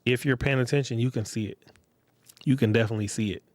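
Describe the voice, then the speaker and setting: Speaking fast in a steady, darkish, mid-range voice, a man runs his own casual monologue podcast. He addresses listeners bluntly in street slang and repeats himself a lot. There's no room sound on the recording.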